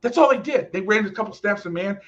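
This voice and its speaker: A man hosting a football talk show, ranting casually and profanely about coaching. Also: high-pitched. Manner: animated, profane, fast ranting. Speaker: football podcast host and coach. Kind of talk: casual rant. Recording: lo-fi muffled audio.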